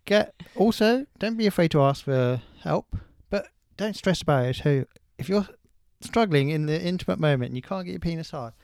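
A man co-hosting a podcast who rambles through crude jokes in a deadpan way. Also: a little high, a little fast, vocal fry, few pauses, no room sound, clean studio sound. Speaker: podcast co-host. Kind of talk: casual chat.

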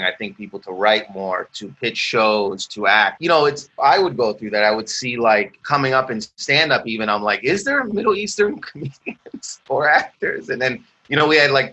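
A Canadian man, an actor, talking casually in an interview and acting out quoted exchanges with lively laughs. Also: medium pitch. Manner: animated storyteller, acts out quoted exchanges, laughs often. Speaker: actor guest.

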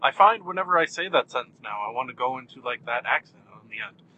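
A man's voice: mid-range voice, expressive, fast talker, bright, forceful tone, highs cut off, a little hiss or hum. Rambling, jokey male podcast host. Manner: rambling, self-mocking, jokey. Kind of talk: casual rambling monologue. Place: car while driving.

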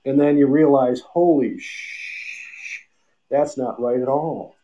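A man's voice: mid-range voice, steady tone, moderate pace, warm tone, highs cut off. A man co-hosting a casual podcast chat, loose and rambling, swearing and joking, with the hiccups. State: has the hiccups. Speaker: podcast co-host.

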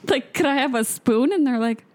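A woman's voice: high voice, moderate pace. A young woman, co-host of a podcast, telling a casual story and acting out the other people in it. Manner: animated, acts out quotes in a put-on voice.

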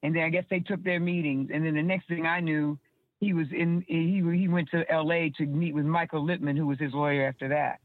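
A woman's voice: low-pitched, fairly even intonation, a little fast, no room sound. A woman telling stories as an interview guest, rambling and restarting her words over a phone line. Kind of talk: casual storytelling. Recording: tinny dry phone line.

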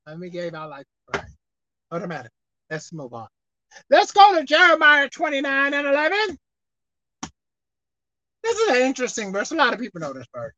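A woman preaching a sermon, emphatic, swinging between loud exhortation and quiet asides, slowing down to read scripture. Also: high voice, wildly swooping pitch, no room sound, poor audio.

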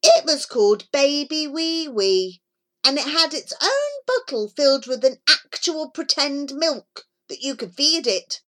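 A woman narrating a children's book aloud, telling it in a lively, childlike first-person way. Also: high-pitched, measured pace. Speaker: audiobook narrator.

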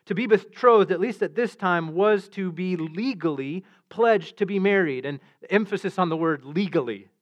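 A man's voice: sits high, moderate pace, hardly any pauses. A man preaching a sermon as pastor, earnest, often repeating words as he restarts. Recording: dull lo-fi sound.

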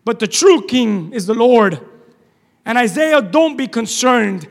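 A man preaching a sermon, shouting at times and then dropping to a hushed, low delivery. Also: expressive, takes it slowly, gravelly. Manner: shouting, dramatic swings from loud to hushed. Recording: long reverb of a large hall.

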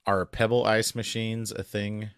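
Low voiced guy chatting on a podcast, opinionated, dry close sound. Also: level tone, clean tone, no echo. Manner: chatty, opinionated, quick asides. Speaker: podcast co-host. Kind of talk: casual chat.

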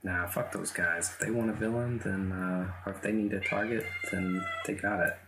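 A man voicing a gruff, defiant male gang boss who talks bluntly and swears. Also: sits low, moderate pace. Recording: steady background noise.

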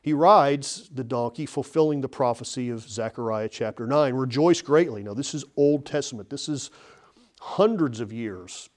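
A man preaching a sermon, earnest, building to urgent emphasis and clearing his throat now and then. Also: mid-range voice, moderate pace.

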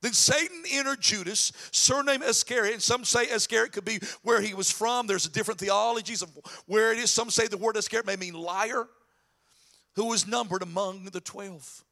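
A man preaching a sermon as pastor, mixing animated preaching with folksy storytelling and joking asides. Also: high-pitched, moderate pace, vocal fry. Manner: animated preaching, voice rising in emphasis.

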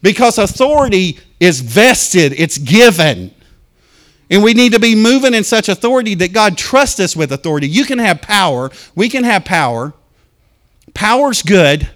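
A man preaching a fervent sermon to a congregation, telling stories and talking straight to the people in church, swinging from loud to hushed. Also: sits high. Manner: addresses congregation directly. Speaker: pastor.

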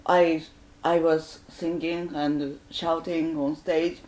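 A podcast guest from Japan, a woman who talks in slow, halting English and laughs often. Her voice carries a roomy echo. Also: low-pitched, level tone, a little mellow, a little hiss or hum. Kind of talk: casual podcast chat.

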